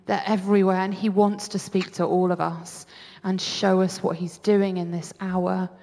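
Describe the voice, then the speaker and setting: A woman preaching, telling a personal story with animated acted-out reactions. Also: mid-range voice, normal speed, long reverb tail. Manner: animated storytelling, acts out her own reactions.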